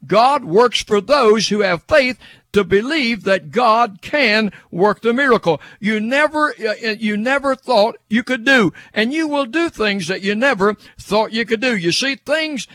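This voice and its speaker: A man's voice: high voice, animated, a little slow, fairly bright tone, no echo. An older man preaching a fervent radio broadcast sermon, addressing listeners as "sir" and building repeated "yes" refrains.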